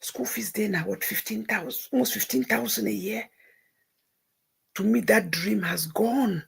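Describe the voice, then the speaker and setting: A middle-aged woman, hosting a livestream and telling a personal story, moving between hushed near-whispers and tearful outbursts. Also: medium pitch, unhurried. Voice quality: gravelly, very husky voice. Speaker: livestream host.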